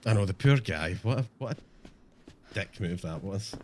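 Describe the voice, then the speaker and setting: A man's voice: low voice, lively intonation, measured pace, background noise. A man streaming a game, chatting casually and self-mockingly to viewers, swearing often. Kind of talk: casual live-stream chat.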